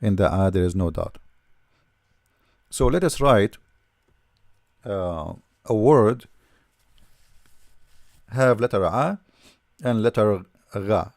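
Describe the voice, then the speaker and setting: A man teaches letter by letter in a low, gravelly voice, recorded close in a dry room. He talks patiently and repeats each sound, often checking in with "all right?". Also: expressive, slow, pauses often, darkish tone, no echo. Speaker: language teacher. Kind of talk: explaining letters while writing.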